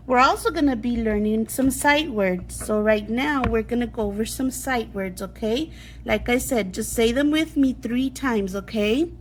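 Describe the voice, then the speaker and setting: A woman teaching a phonics lesson to young children, saying each sound and word slowly and clearly, repeating each one three times. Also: a little high, slight background noise. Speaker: second grade teacher.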